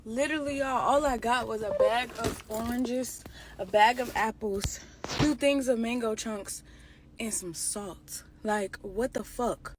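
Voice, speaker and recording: A woman's voice: a little high, a little slow, background noise. A woman in a casual vlog rant, incredulous and swearing. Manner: incredulous, swears, says bruh.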